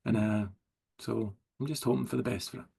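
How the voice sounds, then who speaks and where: A Scottish writer in a relaxed video-call interview, easygoing and often chuckling as he talks. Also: lowish voice, fairly quick, vocal fry, breathy edge. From Scotland. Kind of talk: casual interview chat.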